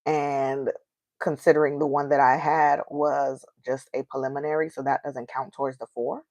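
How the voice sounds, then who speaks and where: A woman's voice: extremely low pitch, little pitch movement, moderate pace, a little mellow, no echo. A woman in her thirties with an African American accent, venting candidly on her own podcast and asking rhetorical questions. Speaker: podcast host. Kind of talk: casual solo podcast monologue.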